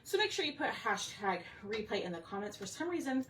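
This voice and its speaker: A woman's voice: on the high side, big pitch swings, fairly quick, a bit bright, far from the mic, slight background noise. A woman hosting a craft livestream, chatty and a bit scattered, out of breath as she talks to viewers. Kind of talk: casual livestream chat. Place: home craft room.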